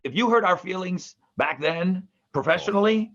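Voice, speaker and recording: A middle-aged man co-hosting a podcast from a home basement, a former radio interviewer talking in a halting, self-deprecating way. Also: sits high, fairly bright tone, highs cut off. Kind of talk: casual chat.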